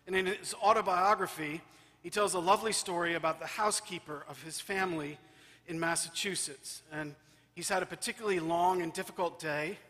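A man preaching from the pulpit with a high, bright, forceful voice. He drives his points home by repeating phrases. A long church reverb trails behind every line. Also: fairly even intonation, fairly quick. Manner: emphatic, repeating phrases for rhythm. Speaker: priest. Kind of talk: sermon.

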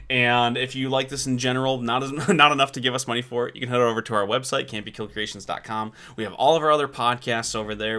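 Bright-voiced joking man podcast host. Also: medium pitch, clean tone. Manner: joking, laughs often. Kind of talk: casual chat.

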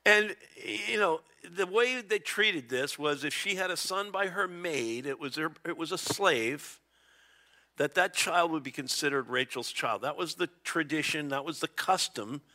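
A man's voice: a little high, measured pace, pushed and bright. A middle-aged man preaching a conversational Bible-teaching sermon, chuckling often and acting out small dialogues. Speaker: pastor.

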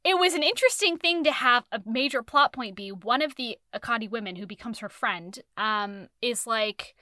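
A woman talks over a book in loose, rambling chat, her voice high and bright. She swears casually and keeps the tone animated. The recording is dry and close. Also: moderate pace, no echo. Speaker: podcast co-host reviewing a book.

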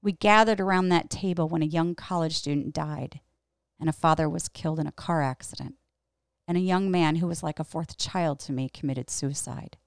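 A middle-aged woman tells a personal story in a reflective, candid tone and leans on emphatic repetition. Her voice sits low and has a gravelly texture. The recording is dry and close. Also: moderate pace, dry recording. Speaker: podcast host and pastor.

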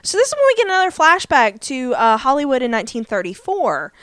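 A woman's voice: high voice, wildly swooping pitch, quick pace, fairly bright tone, no room sound. Chatty woman recapping an episode. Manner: chatty, many fillers, acts out quotes. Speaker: podcast co-host. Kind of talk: casual chat recapping a TV episode.

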